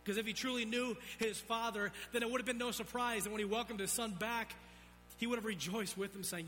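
A man preaching a sermon, swinging between loud emphatic peaks and low, quiet drops. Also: normal speed, music in the background. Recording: long reverb of a large hall.

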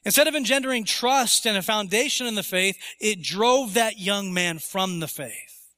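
Male pastor, sermon in church, high voice, bright tone, emphatic, acts out objections. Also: moderate pace, long reverb tail. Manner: emphatic, rising to voice imagined objections. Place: church sanctuary.

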